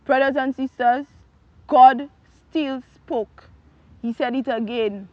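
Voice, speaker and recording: A woman preaching her personal testimony, emphatic, with rhetorical questions and bursts of shouting. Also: high-pitched, steady tone, slow pace, long pauses, dry recording, highs cut off. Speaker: testimony speaker.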